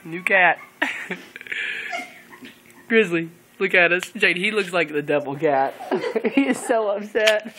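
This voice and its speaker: A woman's voice: on the low side, slow, pauses often, bright, forceful tone. A woman filming on a handheld camera at home, giggling through her words and cooing at her cats. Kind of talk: casual home video chat. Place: home room indoors. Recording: home video with clear background noise.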